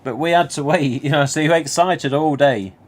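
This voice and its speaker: A man's voice: on the high side, normal speed. A man with a Nottingham accent, hosting a livestream and telling a long, rambling personal story full of asides and mild swearing. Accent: Nottingham English. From England. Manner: chatty, rambling, many you-knows, mild swearing. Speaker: livestream host. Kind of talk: casual anecdote telling.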